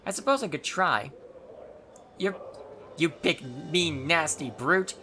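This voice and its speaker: A man's voice: on the high side, expressive, takes it slowly, pushed and bright, a little hiss or hum, pitched above the performer's own voice, full character voice. A man voicing a timid, sweet young woman who is eager to please, in a fretful, apologetic manner.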